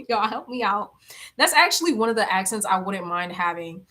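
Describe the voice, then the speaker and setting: A woman's voice: medium pitch, expressive, normal speed, sharp tone. A young woman chatting casually on a livestream, reading comments aloud, blunt and laughing often. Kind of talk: casual chat.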